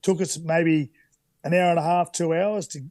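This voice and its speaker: A man's voice: on the high side, moderate pace, no echo. A man in his thirties with an Australian accent, a guest telling candid stories in a casual interview, full of fillers and restarts. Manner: relaxed, candid anecdotes with many fillers. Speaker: podcast guest.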